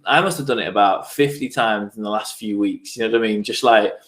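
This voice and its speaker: A man's voice: on the low side, fast, a bit bright. A man talking earnestly as a guest on mental health, often repeating his phrases. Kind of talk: casual interview chat. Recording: roomy echo.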